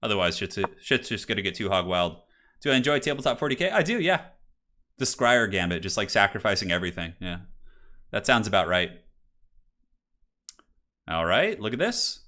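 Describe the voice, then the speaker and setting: Chatty low-voiced man commentating a stream. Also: very animated, moderate pace, pauses often, bright, forceful tone. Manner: chatty, jokey, reads chat aloud; loose fillers, swears casually. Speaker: stream host and chess commentator. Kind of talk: casual live-stream commentary.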